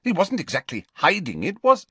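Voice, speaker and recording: A man voicing a clever teenage witch who speaks in a brittle, strained, unnaturally high voice, in a storybook reading. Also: wildly swooping pitch, moderate pace, pushed and bright, breathy edge, no echo, exaggerated voice. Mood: hurt.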